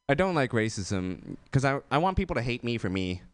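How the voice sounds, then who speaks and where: A young man works through a stand-up set in a loose, rambling way, full of fillers and little laughs at his own lines. His voice is smooth and clear, and it sounds close and dry on the mic. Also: medium pitch, big pitch swings, moderate pace, no room sound. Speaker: stand-up comedian.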